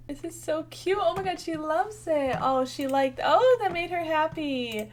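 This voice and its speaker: A woman's voice: sits high, animated, measured pace, slight background noise. A young woman giving casual, bubbly gameplay commentary, thinking aloud and chatting to her viewers. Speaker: gaming channel host.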